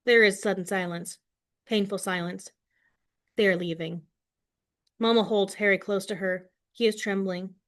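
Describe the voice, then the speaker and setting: Brief: woman teacher, expressive read-aloud of a novel to a class, then plain questions for the students. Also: medium pitch, normal speed, pauses often. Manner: expressive read-aloud, voicing quoted lines with more force.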